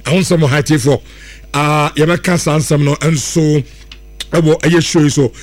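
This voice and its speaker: Rambling radio presenter, higher voice. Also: male voice, fairly even intonation, normal speed. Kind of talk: casual radio football chat.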